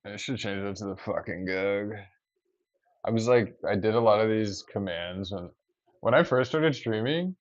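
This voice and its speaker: A man's voice: lowish voice, no room sound, highs cut off. A man chatting casually with his stream audience, laughing often and swearing freely.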